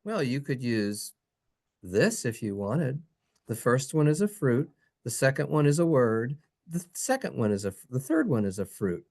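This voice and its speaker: Brief: playful lesson narrator, singsong and teasing, very lively pitch. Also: moderate pace. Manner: animated, jokey, singsong. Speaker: teacher.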